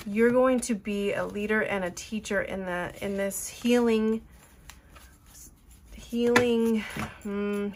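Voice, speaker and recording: A woman's voice: mid-range voice, a little hiss or hum. A woman giving an earnest, emotional tarot reading, rambling with fillers as she talks to her viewers. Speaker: tarot reader.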